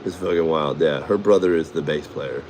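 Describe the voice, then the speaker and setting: A man's voice: extremely low pitch, brisk, darkish tone, slight background noise. A middle-aged man from Chicago rambling casually, cursing and laughing often. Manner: profane, laughs often, does voices. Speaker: vlogger.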